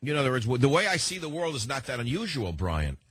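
Husky-voiced older New York radio host. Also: male voice, mid-range voice, big pitch swings, fairly quick, fairly bright tone, dry recording. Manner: combative, rambling, repeats himself. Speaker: radio talk show host. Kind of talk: opinionated talk radio monologue.

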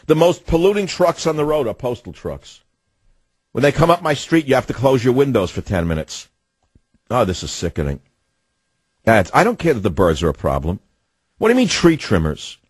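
A man's voice: mid-range voice, breathy edge, dry recording. A man hosting a talk radio show, delivering an indignant, ranting monologue with sardonic asides.

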